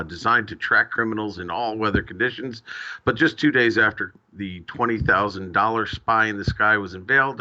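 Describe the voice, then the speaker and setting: American male co-host, low and sharp voice, halting delivery, dull headset audio. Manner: hesitant, filler-heavy, reads articles aloud. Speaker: drone news stream co-host. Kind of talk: casual livestream chat.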